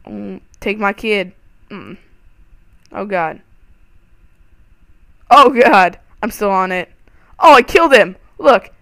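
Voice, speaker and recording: A young man giving excitable, panicky let's-play commentary over a game, full of startled exclamations. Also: high voice, slow, creaky, long pauses, dry recording. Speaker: gaming channel host.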